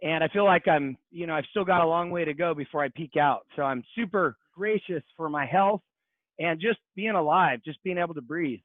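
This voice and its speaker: A man's voice: on the high side, fairly quick, no echo. Earnest man in his forties on a tinny line. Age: 40s. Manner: earnest and reflective, with many "um"s. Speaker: podcast guest. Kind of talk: casual interview chat.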